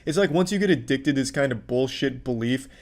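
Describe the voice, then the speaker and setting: Brief: man, middle pitch, deadpan sarcastic reaction commentary, heavy swearing. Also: brisk. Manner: profane, mocking, deadpan sarcasm.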